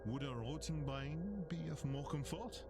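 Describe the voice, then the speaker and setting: A suave French occult investigator. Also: male voice, a little high, lively intonation, measured pace, over loud music. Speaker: game character.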